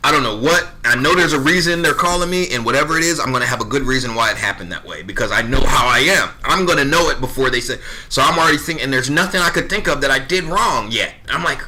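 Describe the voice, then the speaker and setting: A man's voice: medium pitch, lively intonation, quick pace, few pauses, sharp tone, slight background noise. A man in his thirties telling a story in casual podcast chat, bluntly, swearing freely and acting out both sides of conversations. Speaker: podcast guest.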